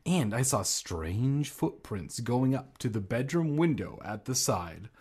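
A man's voice: medium pitch, very animated, measured pace, a little mellow, husky. A man reading aloud and voicing a nervous young boy who sputters and pleads. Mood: anxious. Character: nervous eager boy narrator-hero.

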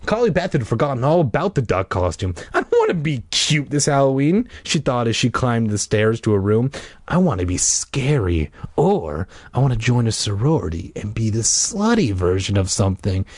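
A man reading a story aloud in a lively way, breaking off for irreverent, swearing jokes. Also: lowish voice, normal speed, no echo. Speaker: reader. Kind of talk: comedic book reading with asides.

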